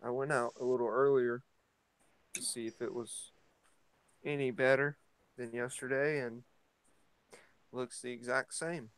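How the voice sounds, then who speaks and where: A vlogger's smooth, mid-range voice moves at a measured pace with long pauses as he hosts a casual morning chat and steps outside into his yard at home. Easygoing and rambling, he hesitates through fillers and restarts, on a dry, rough recording.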